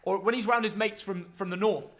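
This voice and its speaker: A young man from northern England hosting a casual football reaction chat, excitable and chatty. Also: sits high. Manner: excitable, chatty, quick to butt in. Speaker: host of a football reaction stream.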